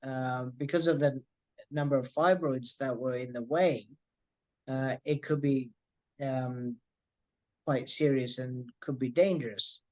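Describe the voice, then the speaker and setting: Slow, halting man in dry close sound. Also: medium pitch, steady tone, dry recording. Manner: slow, halting, restarts and throat clearing. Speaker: patient's husband. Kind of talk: hesitant interview answer.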